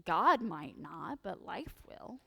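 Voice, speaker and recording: Bright-voiced woman preaching with jokey asides. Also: lowish voice, slow pace, vocal fry, breathy edge, big-room sound. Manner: animated, jokey, sarcastic asides. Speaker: priest. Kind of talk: lively humorous sermon. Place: church sanctuary.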